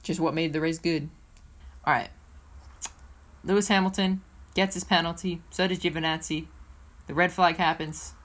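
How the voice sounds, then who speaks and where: A woman with a fairly low voice co-hosts a laid-back racing podcast. She talks in an excitable, playful ramble, full of restarts and asides. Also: normal speed, long pauses. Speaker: co-host. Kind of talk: casual motorsport podcast chat.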